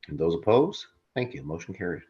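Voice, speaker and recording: Mayor guy calling votes, really low voice, kinda dull muffled recording. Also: sing-song, mellow. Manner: brisk procedural calls. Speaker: mayor chairing the meeting. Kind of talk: chairing council votes. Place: council chamber. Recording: dull lo-fi sound.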